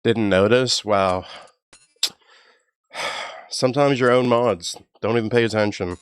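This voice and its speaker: A man's voice: on the low side, measured pace, long pauses, dry recording. Slangy young male streamer, dry sound. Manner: slangy, joking, rambling. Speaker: livestreamer. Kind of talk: casual live-stream chat. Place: walking while streaming.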